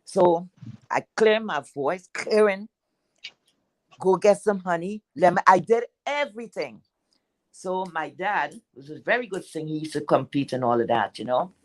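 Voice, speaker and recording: A woman with a deep, heavy voice telling a personal story in a chatty, rambling way, full of fillers. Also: expressive, normal speed, poor audio.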